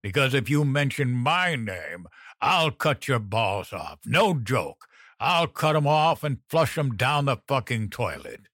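A man's voice: mid-range voice, big pitch swings, a little slow, a bit bright, no room sound, studio quality, full character voice. A man voicing a brutal, threatening male crime boss who roars and growls. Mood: menacing.

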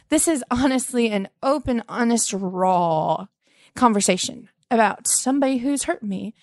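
Creaky-voiced comedic podcast hostess. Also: female voice, fairly high pitch, lively intonation, moderate pace, darkish tone, dry recording, clean studio sound. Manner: scattered, earnest, breaks into off-key singing. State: teary. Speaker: podcast host. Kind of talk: comedic improvised podcast bit.

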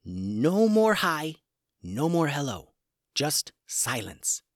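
A man's voice: on the high side, very animated, slow pace, no room sound, studio quality, pitched above the performer's own voice. A man voicing a brave young woman who leads the group, talking in an urgent, commanding way in a children's audio story. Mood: hushed stern.

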